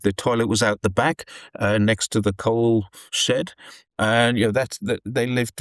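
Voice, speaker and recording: A man's voice: mid-range voice, no echo, studio quality. A man from the UK, explaining his views in a rambling, earnest conversational way with frequent restarts. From United Kingdom. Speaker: commentator living in China. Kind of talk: conversational discussion.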